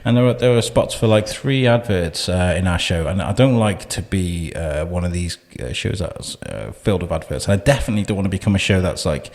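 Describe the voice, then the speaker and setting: Deep-voiced chatty male podcast host. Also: animated, a little fast, hardly any pauses, darkish tone, big-room sound. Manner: chatty, effusive, rambling with fillers. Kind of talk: casual interview. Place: small podcast studio.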